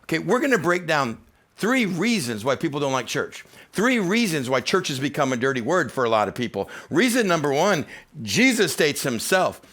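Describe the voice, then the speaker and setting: A man's voice: on the high side, very animated, moderate pace, fairly bright tone. A man, a teaching pastor, giving a sermon in a conversational, humorous preaching style. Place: church.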